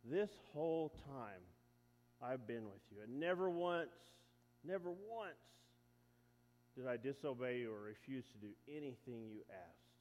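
Guy putting on a sulky older brother, indignant, a bit louder, echoey hall. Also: medium pitch, animated, a little slow, highs cut off, lightly acted. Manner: indignant complaining. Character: resentful older brother, young adult man.

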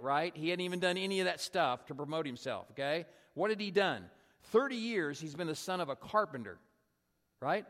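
A male pastor preaching in a relaxed, conversational way, telling stories and often asking "right?" to keep listeners with him. His voice sits a little high for a man. The sound carries the long reverb of a large hall. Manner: conversational storytelling, frequent "right?" tag questions. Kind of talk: sermon.

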